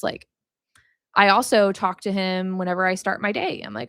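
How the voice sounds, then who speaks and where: A woman's voice: medium pitch, steady tone, moderate pace, a bit bright, clean tone, no room sound, clean studio sound. A young woman hosting a podcast, teaching about faith in a casual, chatty way, laughing often and filling her talk with "like". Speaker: podcast host.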